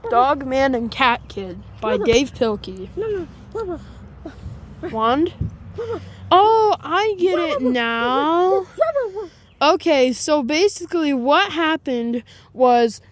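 A woman's voice: high-pitched, animated, very slow, long pauses, a little hiss or hum, exaggerated voice. Woman voicing a chatty puzzled dog owner. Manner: chatty, puzzled guessing, rambling. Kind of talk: fan plush video acting.

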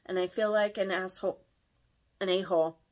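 A woman's voice: medium pitch, fairly even intonation, fairly quick. Woman reading aloud, emotional and stumbling. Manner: emotional, stumbles over words, reacts aloud. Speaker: host reading posts and comments. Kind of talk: casual reading with reactions.

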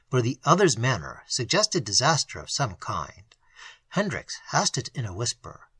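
A hoarse reader narrates an audiobook with expressive, dramatic delivery. The voice is husky yet bright and swings widely in pitch. The recording is dry and close to the mic. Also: normal speed, no echo, low-quality recording.

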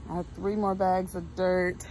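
Woman, slow unhurried talk, lowish voice, folksy garden chat, outdoors, faint background noise. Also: little pitch movement, darkish tone, low-quality recording. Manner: chatty, folksy, with frequent ums. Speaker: homestead vlogger. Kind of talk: casual garden walkthrough.

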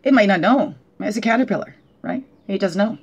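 A woman's voice: mid-range voice, lively intonation, fairly quick, breathy edge, dull audio. A woman at home, talking through a weekly oracle card reading in a casual, musing way. She keeps asking questions and checking in with "right?", and she teases herself lightly along the way. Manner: reflective, asks many questions, often adds "right?"; gently joking, laughs at herself.

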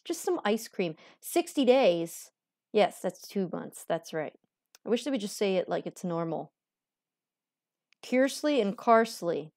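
A woman's voice: mid-range voice, big pitch swings, a little slow, a little mellow, dry recording, clean studio sound. A woman playing a video game and chatting casually, joking and reading game text aloud. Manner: joking, reads game text aloud, sudden playful voices. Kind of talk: casual let's-play commentary.

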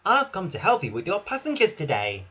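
A man's voice: high voice, huge pitch swings, a little fast, a bit bright, husky, heavily acted. A man voicing a cheeky male bus who talks in a cocky, teasing way. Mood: friendly.

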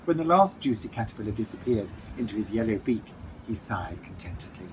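A man's voice: on the low side, a little fast, noisy background. Man reading a storybook aloud. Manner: playful, lively storytelling. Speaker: author reading his book.

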